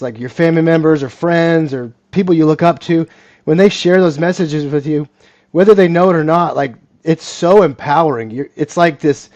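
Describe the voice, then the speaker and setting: A man's voice: on the high side, darkish tone, no room sound, muffled recording. Encouraging male podcast host, dry sound. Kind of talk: casual interview chat.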